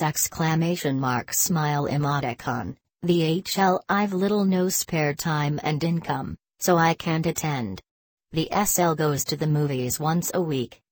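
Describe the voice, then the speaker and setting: A woman with a notably low voice reads a written text aloud, flat and deadpan, even saying the punctuation marks. The sound is close and dry, with no room around it. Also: dry recording.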